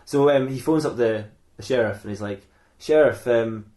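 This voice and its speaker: A man's voice: medium pitch, a little fast, warm tone. A young man hosting a podcast, improvising a comic story in a rambling, giggly way with many fillers. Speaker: podcast host.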